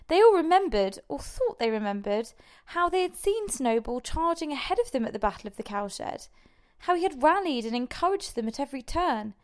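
A woman narrating an audiobook in a measured, steady way. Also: sits high.

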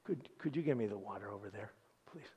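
A male pastor preaching a sermon as an animated storyteller with dramatic pauses. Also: fairly low pitch, slightly rough, highs cut off.

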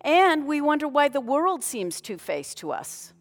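Middle-aged woman pastor, chatty sermon storyteller; higher voice, big church reverb. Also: very animated, unhurried. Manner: conversational, self-deprecating storytelling. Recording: long reverb of a large hall.

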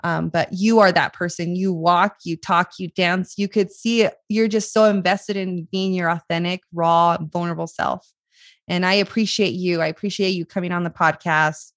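A woman's voice: on the low side, steady tone, normal speed, no echo. A woman hosting a podcast over a video call, emotional and gushing, often close to tears as she thanks her guest. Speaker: podcast host. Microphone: video call audio.

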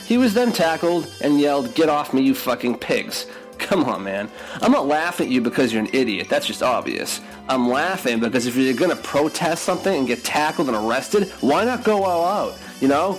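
A man's voice: mid-range voice, sing-song, brisk, few pauses, soft background music, rough recording. A man reading a scripted comedic news segment with wry, mocking punchlines.

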